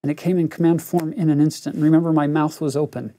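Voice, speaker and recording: Pitched on the high side, his warm voice moves quickly with few pauses. A middle-aged religion teacher, he tells an earnest personal story during a scripture lesson, speaking straight to his audience.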